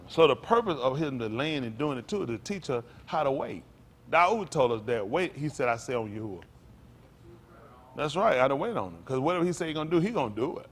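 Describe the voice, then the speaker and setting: A man's voice: very animated, brisk. A man preaching a sermon, talking straight to the congregation and repeating his phrases. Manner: conversational preaching, calls out to the congregation; repeats phrases, swings from low murmurs to loud raised lines. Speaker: pastor.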